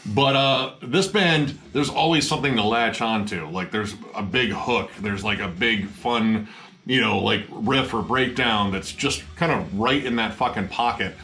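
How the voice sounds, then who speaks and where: A man casually reviewing a metal album with excited energy, swearing often and filling his talk with "like". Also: fairly low pitch, a little slow. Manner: excited, swears a lot, many "like" fillers.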